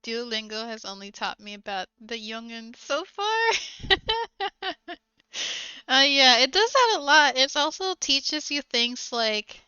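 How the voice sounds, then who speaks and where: A woman's voice: on the high side, very animated, slow pace, pushed and bright, clean tone, no echo. A woman streamer chatting casually and giggling often while she crafts on a livestream, recorded on a slightly dull desk mic.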